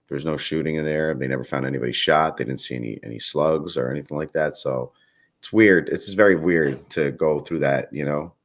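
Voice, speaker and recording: A man chatting casually as a podcast guest, telling a rambling story and swearing often. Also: extremely low pitch. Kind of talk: casual chat.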